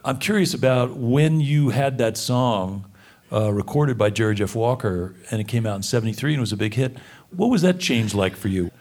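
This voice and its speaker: A man hosting a radio music program, steering an interview with short affirmations and easy chuckles. His voice sits at a middling pitch and stays conversational. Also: normal speed, darkish tone. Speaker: radio show host.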